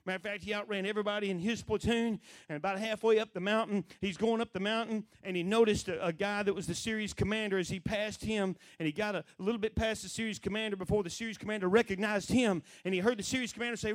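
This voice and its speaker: A middle-aged man preaching, telling a story with lively acted-out voices. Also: high-pitched, fast, hardly any pauses, dry recording. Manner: animated storyteller who acts out quoted voices. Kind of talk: sermon storytelling.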